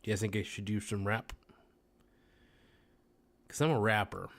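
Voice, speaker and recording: A man's voice: fairly low pitch, steady tone, normal speed, gravelly, a bit bright. A man hosting a casual podcast livestream, reading chat comments aloud and answering them with crude, irreverent jokes on a close mic.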